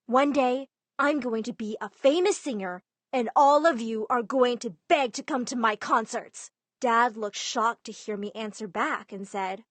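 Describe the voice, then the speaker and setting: A young woman narrating her own story in first person, lively and putting on voices for family members. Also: fairly high pitch, unhurried, no echo.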